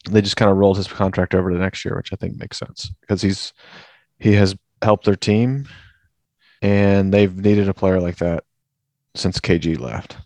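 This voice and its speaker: A man co-hosting a casual basketball podcast, giving news in a measured, analytical way. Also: sits low, fairly even intonation, darkish tone, no room sound. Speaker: podcast co-host, news segment.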